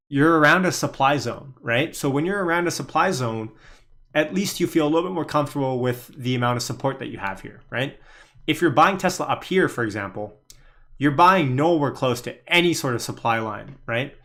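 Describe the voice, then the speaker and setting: A man's voice: mid-range voice, fairly bright tone. A man hosting a live trading stream, chatting casually through market commentary and answering viewers as he thinks aloud. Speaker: livestream stock trading host.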